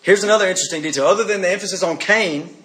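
Male preacher, high voice, lively and insistent, repeats points, asks listeners questions. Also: racing. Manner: animated, repetitive preaching with direct questions to listeners. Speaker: pastor. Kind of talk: sermon.

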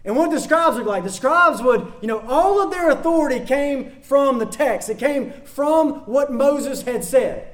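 A man's voice: extremely high pitch, animated, measured pace, few pauses. A man preaching a sermon, emphatic, repeating key phrases and putting rhetorical questions to the congregation.

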